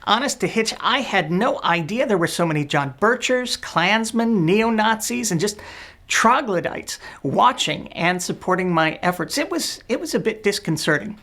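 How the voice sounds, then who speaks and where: A woman's voice: mid-range voice, a bit bright. A woman hosting a web show, delivering a scripted satirical rant in a sarcastic, scornful, blunt manner. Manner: blunt, profane.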